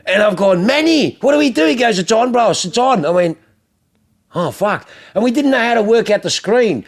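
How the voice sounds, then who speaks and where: A middle-aged Australian man telling animated, swear-heavy stories as a podcast host, acting out other people's lines. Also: high voice, moderate pace. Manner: animated, profane anecdotes with acted-out quotes. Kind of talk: casual chat, storytelling.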